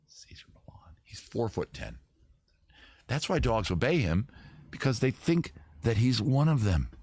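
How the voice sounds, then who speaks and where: A man hosting a casual live stream, rambling and joking at a close tabletop boom mic. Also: big pitch swings, a little slow, a little mellow, husky, dry recording. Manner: rambling, jokey, self-interrupting. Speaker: host.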